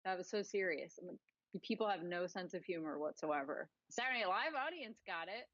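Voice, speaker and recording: A woman's voice: on the low side, animated, fairly quick, a bit bright, no room sound, dull audio. A woman co-hosting a podcast, telling rambling, sarcastic stories in casual political chat. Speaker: podcast co-host.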